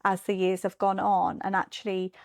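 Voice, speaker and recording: Woman, casual chat, animated storytelling, candid and lively. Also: mid-range voice, normal speed, vocal fry. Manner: animated storyteller, acts out quoted voices.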